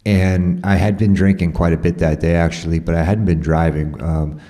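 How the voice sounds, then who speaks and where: Guy with a really deep low voice rambling through a story, swears a lot, lots of ums and "you know"s. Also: level tone, normal speed, mellow. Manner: rambling, profane, conversational, with many fillers.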